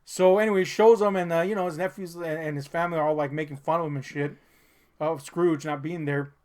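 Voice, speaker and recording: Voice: mid-range voice, fairly even intonation, fast talker, a little mellow. A co-host ranting sarcastically about a film in a comedic review chat, swearing often, laughing, and rambling with fillers.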